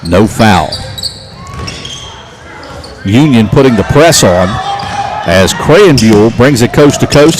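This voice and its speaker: A man calling local basketball play-by-play, getting excited and shouting on big plays. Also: mid-range voice, slow pace, long pauses, crowd noise. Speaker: play-by-play announcer.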